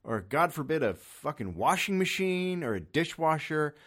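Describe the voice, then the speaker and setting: A man hosting a podcast alone at home, ranting comically in an exasperated, profane way with sudden loud bursts. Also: on the high side, very animated, normal speed. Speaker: podcast host. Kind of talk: solo comedic rant. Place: son's room in an apartment. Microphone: studio microphone.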